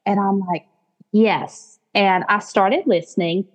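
A Southern woman in her late forties speaks slowly at medium pitch. She's a business founder appearing as a podcast interview guest, telling her story with warmth and animation and quoting her own thoughts.

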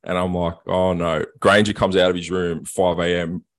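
A man, co-hosting a podcast and telling a long story in casual chat, sweary and animated. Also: deep voice, normal speed. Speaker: podcast co-host.

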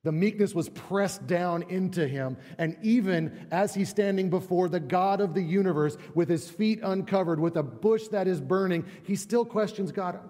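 A high-sitting, dark-toned male voice preaches at a moderate pace with hardly any pauses, belonging to a middle-aged pastor. Speaking conversationally in a church sanctuary with long reverb, he poses rhetorical questions and performs quotes.

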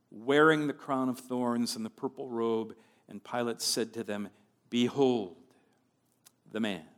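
Brief: male Bible teacher, unhurried and deliberate, explains as he reads. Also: medium pitch.

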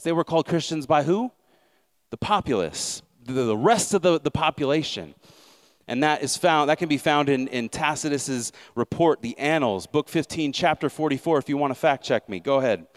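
A male pastor preaching a sermon in a conversational way, with sarcastic asides and frequent self-corrections. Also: a little high.

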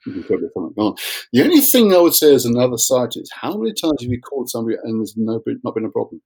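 A man's voice: medium pitch, big pitch swings, rapid-fire, darkish tone, husky, no room sound, poor audio. A man, an author guest on a podcast, explaining his views at length in a thoughtful, rambling way. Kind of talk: casual chat.

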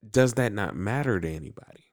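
A man casually recapping an anime episode, animated and acting out the characters in quick voices. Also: on the low side. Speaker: podcast co-host recapping an anime. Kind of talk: casual chat.

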